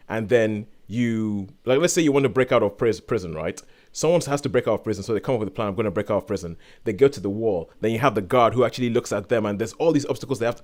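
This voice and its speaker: A man co-hosting a podcast, giving an animated, exasperated review in casual chat and acting out quotes in sudden high voices. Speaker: podcast co-host reviewing a series.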